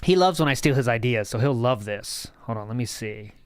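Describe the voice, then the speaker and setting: A man's voice: mid-range voice, lively intonation, a little fast, clear, resonant tone, no echo, studio quality. A man hosting a watch party, chatting loosely and joking with frequent laughs. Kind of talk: casual chat.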